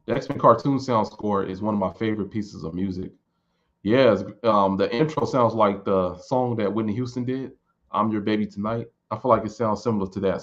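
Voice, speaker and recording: A man in his late thirties chats loosely with his viewers. His voice sits a bit low, and he wanders and repeats words as he thinks. The recording sounds dull and lo-fi. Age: 30s. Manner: relaxed, rambling, repeats words while thinking. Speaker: streamer answering viewer questions. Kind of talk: casual chat.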